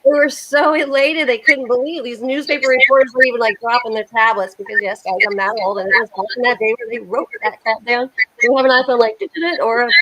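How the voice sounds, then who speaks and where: Lively high-voiced woman chatting. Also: quick pace, low-quality recording. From United States. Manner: animated storyteller, laughs often. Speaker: host. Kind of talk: casual chat.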